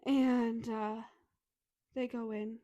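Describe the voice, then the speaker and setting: A woman's voice: fairly high pitch, little pitch movement, dark tone, dry recording, lo-fi sound. Casual woman retelling a plot, dry mic. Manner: retells scenes quickly, swearing, acting out lines. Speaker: podcast co-host. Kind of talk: casual book review chat.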